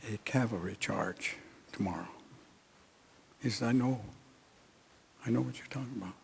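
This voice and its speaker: An older man recounting a personal story in a speech, unhurried and halting with many pauses. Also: medium pitch, creaky, a little hiss or hum. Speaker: speaker at an honoring event.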